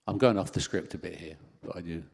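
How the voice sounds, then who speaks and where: A man preaching a sermon into a handheld microphone in a church hall, animated, with self-deprecating asides. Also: sits low, fast, vocal fry, slightly rough.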